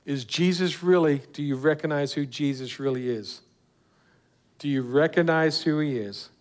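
A man's voice: fairly high pitch, normal speed. A man preaching a sermon earnestly, putting direct questions to his listeners. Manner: earnest, rising and falling with emphasis, asking the listeners direct questions.

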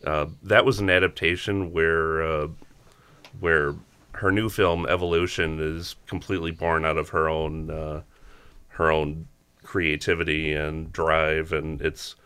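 A man on a film podcast, describing films in a measured way with frequent ums. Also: extremely low pitch, flat delivery, sharp tone, clean tone. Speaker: podcast co-host. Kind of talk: casual chat.

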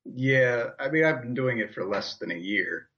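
A man's voice: medium pitch, expressive, normal speed, a bit bright. A man joins a podcast as a guest who does improv, friendly and explaining in stops and restarts. His sound is slightly dull and lo-fi. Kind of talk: casual chat.

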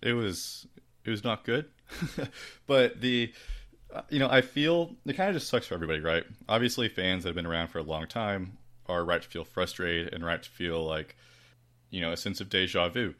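A male co-host with a very deep voice chats about the game in a laid-back way. He keeps it loose and conversational, full of "like" and "you know.". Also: fairly bright tone. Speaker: sports talk co-host. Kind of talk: sports talk radio.

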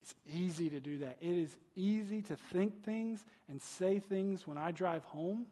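Casting: male pastor, fairly high husky voice, casual chatty sermon, long reverb of a big hall. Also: unhurried, warm tone. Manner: conversational preaching, asks rhetorical questions, frequent "right?".

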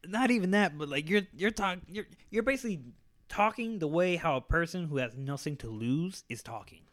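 A young man casually telling a story, animated and profane, acting out the voices of the people in it. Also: fairly high pitch, a little fast.

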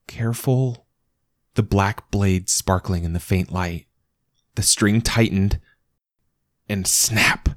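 A man narrating a storybook aloud in a measured storytelling manner. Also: deep voice, no room sound. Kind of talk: scripted narration.

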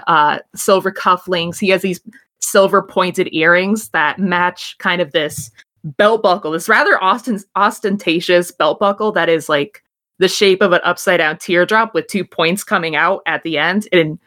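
A woman's voice: on the low side, sharp tone. A woman narrating as game master in a tabletop game, rambling and self-deprecating as she describes scenes.

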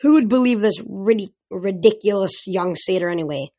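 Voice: mid-range voice, moderate pace, dark tone, close to an everyday voice. A reader voicing a stubborn, indignant elderly male satyr elder in an audiobook. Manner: indignant, bellowing.

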